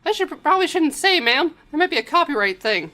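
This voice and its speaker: A woman's voice: very animated, a little fast, bright, forceful tone, faint music behind, heavily acted. A woman voicing a polite, eager ten-year-old boy who calls himself a great detective. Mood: earnest. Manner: high, earnest and polite.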